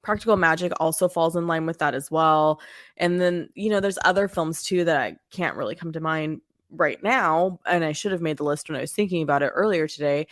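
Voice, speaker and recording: A woman hosting a relaxed podcast, with a lowish voice for a woman. She thinks aloud and searches for the right words, restarting sentences as she goes. The sound is dry and close to the mic. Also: fairly quick, no room sound. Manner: thoughtful, searches for words, many fillers and restarts. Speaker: podcast host. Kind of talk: casual podcast chat.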